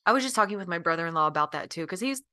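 A young woman co-hosts a podcast with easygoing, agreeable chat. Her voice is bright and forward. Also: fairly low pitch, rapid-fire, dry recording, clean studio sound. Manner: relaxed, agreeable, many fillers like yeah and mm-hmm. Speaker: podcast co-host. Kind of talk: casual chat.

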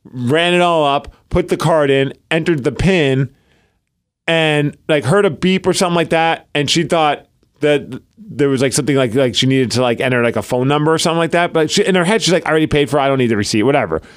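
A man co-hosting a casual podcast chat, telling stories with animated, acted-out quotes. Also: on the high side, brisk, smooth. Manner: animated storyteller, acts out quoted lines. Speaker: podcast co-host.

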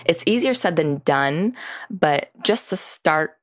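An earnest woman guest speaks in an unhurried way on a podcast. Her voice is very low, and the recording is dry and close with no room sound. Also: animated, no room sound. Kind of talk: conversational interview.

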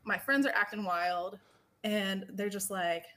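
A woman's voice: mid-range voice, steady tone, measured pace, a bit bright. A woman in her thirties, a podcast guest, telling stories in a chatty, casual way with a lot of "like" fillers. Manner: chatty storytelling with lots of "like". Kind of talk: casual chat.

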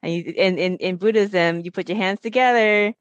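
A woman's voice: mid-range voice, moderate pace, no room sound, highs cut off. A woman in a casual spiritual conversation, speaking reflectively and repeating key phrases for emphasis.

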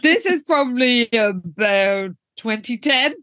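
A woman's voice: on the high side, animated, slow pace, a bit bright, no room sound, clean studio sound. A young woman, chatting casually and laughing as she recaps a TV episode with a co-host. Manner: giggly, chatty, narrates plot. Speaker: podcast co-host. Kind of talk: casual chat recapping a TV show.

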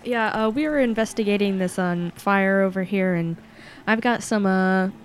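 A woman's voice: mid-range voice, normal speed, slight background noise. A woman playing a tabletop game, speaking hesitantly with many fillers. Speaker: player.

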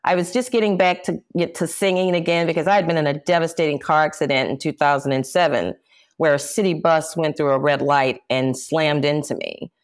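Low-voiced woman recounting hard times. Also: steady tone, fairly quick, clear, resonant tone. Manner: intense, indignant, quotes herself forcefully. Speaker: interview guest, jazz singer. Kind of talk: emotional personal account.

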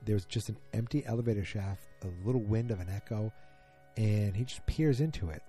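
A man's voice: fairly low pitch, moderate pace, warm tone, soft background music. A man casually recapping a TV episode, musing aloud and trailing off with ums and restarts, speaking straight to his listeners.

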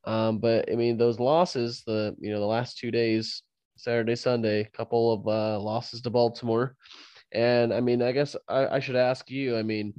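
A man hosting a laid-back sports podcast, with a cold. He laughs a lot and trips over his sentences as he rambles. His voice sits at a middle pitch and sounds close and dry. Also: flat delivery, normal speed, a little mellow, smooth, no room sound, highs cut off. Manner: laughs often, rambling with restarts. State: fighting a cold. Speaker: podcast host. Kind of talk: casual sports podcast chat.

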